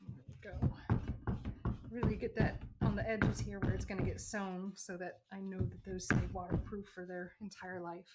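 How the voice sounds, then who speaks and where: The US crafter keeps up her casual, meandering livestream talk as she sews, reading comments aloud and answering them. Her mid-range voice is level at normal speed, and the audio is very noisy.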